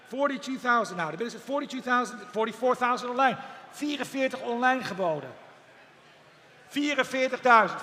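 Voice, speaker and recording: A man's voice: very high voice, bright, forceful tone. A man calling bids as an auctioneer, rattling off figures over and over with the odd joking aside. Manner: rapid repetitive bid calling, joking asides. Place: outdoor auction event. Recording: long reverb, faint background noise.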